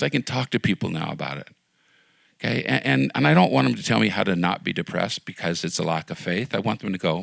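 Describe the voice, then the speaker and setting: Earnest low gravelly-voiced male pastor. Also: brisk, long pauses, fairly bright tone, dry recording. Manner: earnest, pleading, drops to near-whisper at times. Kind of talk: sermon.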